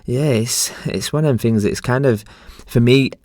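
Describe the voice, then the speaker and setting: A man's voice: medium pitch, moderate pace, darkish tone, no echo, clean studio sound. A man hosting a podcast, talking in an earnest, reflective way in casual chat. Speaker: podcast host.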